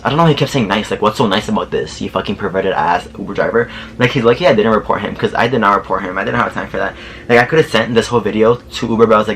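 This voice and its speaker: A young man racing through a storytime in a sassy, foul-mouthed, dramatic rush. His voice sits on the low side, with faint hiss behind it. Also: rapid-fire, a bit bright. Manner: sassy, profane, dramatic retelling. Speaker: vlogger. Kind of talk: casual storytime.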